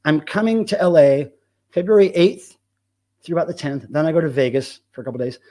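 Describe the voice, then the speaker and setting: A man's voice: on the high side, animated, brisk, dark tone. A middle-aged man hosting a casual live stream, reading the chat aloud and talking loosely with plenty of swearing. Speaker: livestream host.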